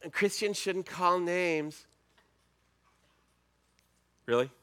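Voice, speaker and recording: A middle-aged man preaching a sermon as pastor, talking in a conversational way with emphatic, animated bursts. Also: mid-range voice, moderate pace.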